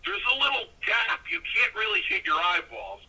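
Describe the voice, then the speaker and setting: An older man with a husky, bright-edged voice tells an old ring story on a podcast. His pitch swings widely as he jumps into other people's voices. It sounds like it comes through a phone line. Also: moderate pace. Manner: animated, acts out other people's lines in their voices. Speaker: guest storyteller, former pro wrestler.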